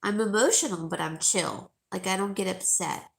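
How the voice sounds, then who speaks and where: A middle-aged woman with a mid-range voice and vocal fry speaks at normal speed as she hosts a live jewelry sale. She chats emotionally and casually with viewers, calling them by name.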